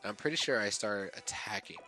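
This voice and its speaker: A young man giving casual commentary over his own game, excitably reliving his reactions and thinking aloud as he corrects himself. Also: on the low side, fairly quick, soft background music. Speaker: gaming YouTuber.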